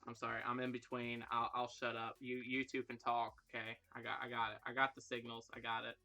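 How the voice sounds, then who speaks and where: A man's voice: mid-range voice, monotone, brisk, sharp tone, soft background music. A young man hosting a casual livestream, rambling and joking about himself as he chats with viewers. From Ireland. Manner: self-deprecating, rambling, jokey. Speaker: livestream host. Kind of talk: casual live chat with viewers.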